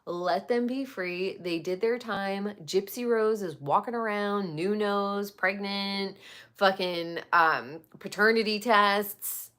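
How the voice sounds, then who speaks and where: A woman in her forties hosting a casual celebrity gossip talk, blunt and swearing freely, with animated outbursts. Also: mid-range voice, slow, clean tone. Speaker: podcast host.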